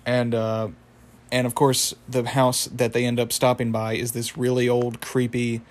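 A man's voice: medium pitch, monotone, measured pace. A young man casually recapping a cartoon episode, rambling with lots of fillers and chuckling at the story. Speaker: show recapper.

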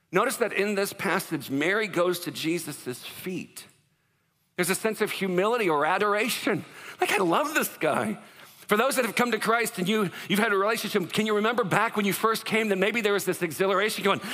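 A male pastor preaches a conversational sermon with jokes and asides, his voice bright and a little raised. He keeps questioning the congregation. A long hall reverb trails after his words. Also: high-pitched, a little fast. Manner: conversational, joking, asks the crowd questions.

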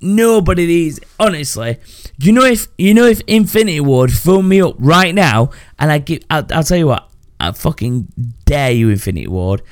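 A man's voice: a little high, expressive, moderate pace, no room sound, studio quality. A man hosting a casual podcast, ranting brashly and swearing freely. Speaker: podcast host.

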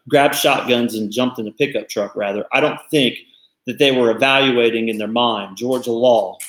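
A man co-hosting a casual discussion, thinking aloud in a thoughtful, halting way with frequent restarts. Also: medium pitch, roomy sound. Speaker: podcast co-host.

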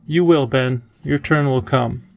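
A man voicing a wise, playful elderly male professor who talks in a gentle, enthusiastic teacherly way. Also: medium pitch, measured pace, creaky. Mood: kindly.

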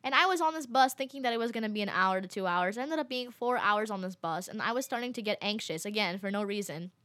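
A young woman recounts a travel mishap to her viewers, her voice bright and clear. She talks casually and animatedly, with lots of fillers and quick laughs. The sound is close and dry. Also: medium pitch, expressive, dry recording. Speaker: vlogger. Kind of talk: casual storytelling to camera.

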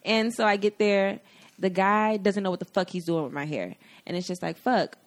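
A woman's voice: mid-range voice, normal speed. A woman guest on a podcast, chatting casually, candid and profane, telling stories with lots of energy. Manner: candid and profane, animated storytelling. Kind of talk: casual chat.

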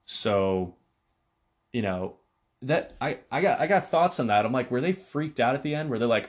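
A man's voice: mid-range voice, lively intonation, normal speed. A man hosting a solo podcast, talking casually in a rambling way with frequent fillers and restarts. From Connecticut, USA. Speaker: podcast host.

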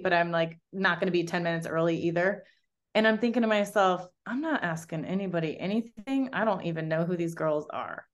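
Woman guest in her young adult years; chatty, animated storyteller who voices her own quotes. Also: medium pitch. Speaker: guest, pro bikini competitor. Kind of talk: casual storytelling chat.

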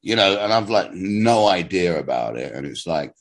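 Male actor guest, deep and low, casual and quick with replies. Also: big pitch swings. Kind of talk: casual interview chat.

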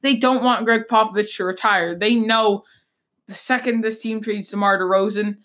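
A woman hosts a casual sports show, trading blunt verdicts and quick gripes. Her voice sits at an ordinary middle pitch. She rambles, stumbles and restarts, then lands her opinions flatly. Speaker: sports podcast host.

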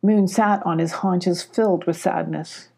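A woman narrating a children's storybook with gentle, even pacing. Her voice is gravelly and husky, with a dark, mellow tone. She tells the story calmly from line to line. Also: fairly low pitch, measured pace. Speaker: audiobook narrator.

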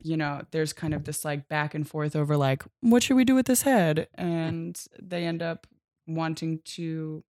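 A woman's voice: deep voice, measured pace, darkish tone, dry recording, clean studio sound. A woman co-hosting a podcast, recapping a comic in a rambling, casual way, with many fillers and easy laughter. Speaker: podcast co-host.

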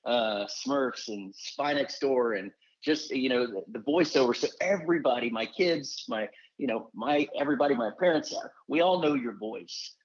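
A man co-hosting an interview, asking questions in a rambling, halting way. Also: medium pitch, breathy edge, lo-fi sound. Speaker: co-host. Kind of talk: casual interview talk.

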